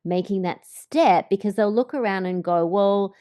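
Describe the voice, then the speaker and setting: A woman hosting a conversational interview, reflective in tone, her voice often softening and trailing off at the ends of her phrases. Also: mid-range voice, normal speed. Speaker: podcast host.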